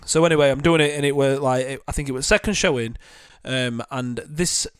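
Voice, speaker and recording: A man's voice: mid-range voice, a little fast, fairly bright tone, smooth, no room sound, studio quality. A young man, chatting casually on a podcast, telling stories and teasing his co-host. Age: young adult. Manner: storytelling, teasing and joking. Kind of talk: casual chat.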